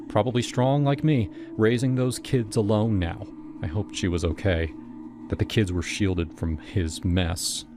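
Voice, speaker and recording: Low-voiced man narrating a story. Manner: steady, first-person storytelling. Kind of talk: scripted horror story narration. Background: music.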